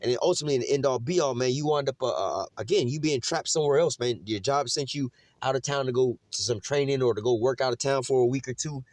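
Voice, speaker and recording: A man's voice: medium pitch, quick pace, few pauses, a little mellow, dry recording. A man giving an informal scripture teaching, preachy and mocking, full of street slang and cursing. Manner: frequent "man" and "you know what I'm saying". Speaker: religious teacher.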